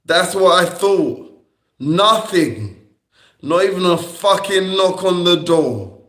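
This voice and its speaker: Slow, confrontational man in an echoey room. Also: high voice, animated, a bit bright. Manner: confrontational, repetitive, swearing at critics. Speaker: livestreamer. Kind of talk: rambling livestream monologue. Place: indoor room on a livestream.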